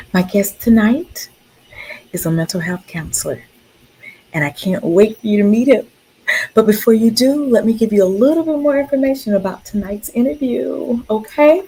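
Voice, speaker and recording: A woman hosting an online talk show, lively and emphatic, often repeating her phrases. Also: fairly high pitch, normal speed, husky, poor audio.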